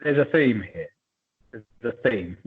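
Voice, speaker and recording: A man co-hosting a podcast in casual chat, chatty and animated, with quick asides and a husky voice. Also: medium pitch. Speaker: podcast co-host. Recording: tinny phone-like line.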